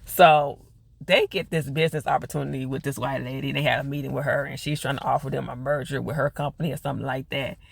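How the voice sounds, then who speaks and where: A man's voice: mid-range voice, fairly even intonation, quick pace, gravelly, slightly rough, dry recording. A man recapping a TV episode in a chatty, slangy way, full of fillers. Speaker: TV reviewer.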